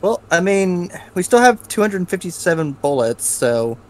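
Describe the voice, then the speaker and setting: A man's voice: high voice, sing-song, normal speed. A man co-playing a video game, teasing his partner with dry remarks in casual banter. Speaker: co-player.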